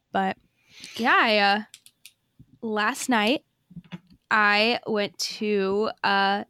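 Bright, crisp-voiced chatty young woman. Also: medium pitch, dry recording. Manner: chatty, bubbly storytelling full of fillers. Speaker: podcast co-host. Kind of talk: casual chat.

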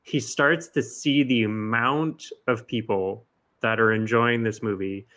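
A man's voice: medium pitch, steady tone, unhurried, a bit bright. A man in casual conversation, joining in and retelling a story with acted quotes. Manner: conversational, acts out quotes with swearing. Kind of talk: casual podcast chat about films.

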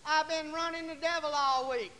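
A woman's voice: fairly even intonation, moderate pace, sharp tone, big-room sound. A man voicing a married preacher's daughter who hollers and wails in a testimony meeting. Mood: fretful. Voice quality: shrill hollering wail. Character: preacher's grown daughter, married, wailing in church.

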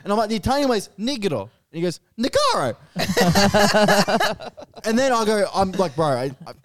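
A man's voice: sits high, big pitch swings, moderate pace. A man, a comedian, telling a story on a casual podcast and acting out both sides of the conversation, swearing freely and laughing through it.

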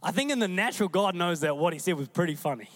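Animated New Zealand male preacher. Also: high voice, fast. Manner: conversational, animated, acts out quoted voices. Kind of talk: sermon.

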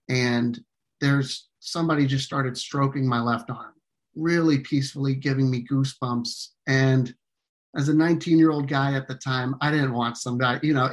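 A man telling a personal story in conversation as an interview guest, earnest and halting, with frequent fillers and restarts. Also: medium pitch.

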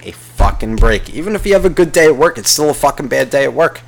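A young man ranting casually about traffic and work, swearing constantly and rambling, now and then mocking others in a higher voice. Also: big pitch swings, fast, gravelly, few pauses. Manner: profane, rambling, jumps into mocking high-pitched impressions. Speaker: vlogger. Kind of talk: casual rant to camera.

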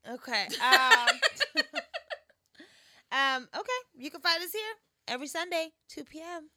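A woman co-hosting a podcast in casual chat, drunk, giggly and quick to apologize. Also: high voice, expressive, sharp tone, no echo, clean studio sound. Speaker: podcast co-host.

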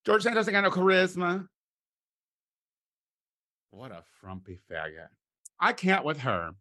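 Here a middle-aged man is doing a crude, over-the-top comic monologue, animated and campy. His volume swings from loud exclamations down to low, muttered asides.

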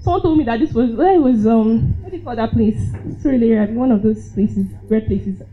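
A young Nigerian-accented woman, her voice a little high and her pace moderate, shares a personal story at a live event. She laughs often and acts out her own reactions. It's a dull, lo-fi live recording.

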